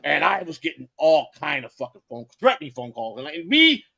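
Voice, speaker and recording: A man in casual podcast chat, loud, profane and quick to blow up in anger. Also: on the high side, very animated, gravelly. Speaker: podcast guest.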